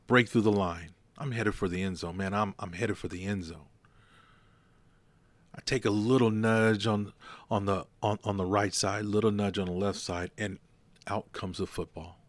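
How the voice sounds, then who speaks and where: A man's voice: lowish voice, fairly even intonation, measured pace, pauses often, no echo. A man hosting a motivational podcast, talking bluntly and telling stories with emphasis. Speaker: podcast host.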